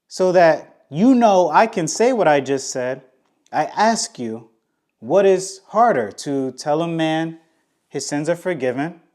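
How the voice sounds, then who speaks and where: Emphatic man teaching scripture casually. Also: darkish tone. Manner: casual, emphatic, acts out quotes with rising pitch; frequent restarts and slang. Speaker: Bible teacher.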